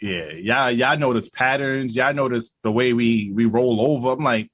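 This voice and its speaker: A man's voice: medium pitch, normal speed, a bit bright, no room sound. A man argues his side in a casual podcast chat, repeating words as he cuts in. His mid-range voice is recorded dry and close. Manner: argumentative, stammers repeated words when jumping in.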